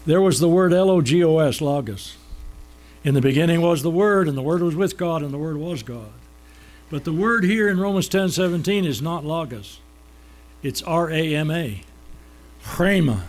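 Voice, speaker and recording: A man preaching a sermon, asking questions and then answering them, slowing down to stress key words. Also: a little high, animated.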